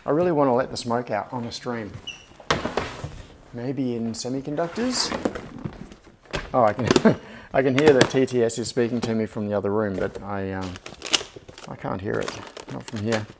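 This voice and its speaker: A man hosting a live stream speaks in a mid-range voice at a moderate pace, leaving long pauses. He chats casually and mutters to himself while searching a workshop clean room, with anti-static bags rustling and clicks audible.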